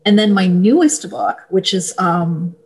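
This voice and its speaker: A woman, an author of parenting books, explaining her books and advice in a steady, easygoing interview manner with small fillers. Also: on the low side, unhurried, breathy edge, poor audio. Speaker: parenting book author, guest. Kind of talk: casual interview talk.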